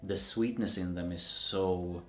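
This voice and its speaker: Low-voiced man in an echoey room. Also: a little slow, soft background music. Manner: relaxed, opinionated, hedging with fillers. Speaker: co-host rating fragrances. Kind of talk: casual chat.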